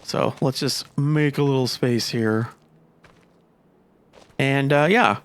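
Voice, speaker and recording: A man's voice: medium pitch, slow pace. A man giving casual gameplay commentary, thinking aloud in a rambling way and getting easily exasperated. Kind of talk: casual let's-play commentary.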